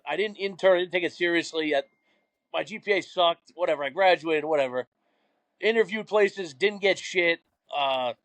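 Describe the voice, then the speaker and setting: Young new guy on a podcast, kinda high voice, dry close mic, rambles and swears a lot. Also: fairly bright tone, no echo. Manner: rambling, profane storytelling. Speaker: podcast guest. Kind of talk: casual chat.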